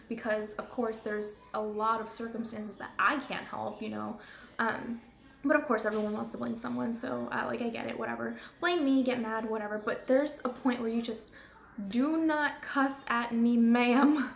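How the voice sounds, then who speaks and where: A woman's voice: on the high side, fairly even intonation, normal speed, gravelly, reverberant, slight background noise. A woman who works as a phone customer service agent, ranting in a casual vlog. She talks in a chatty, rambling way with many fillers and asides.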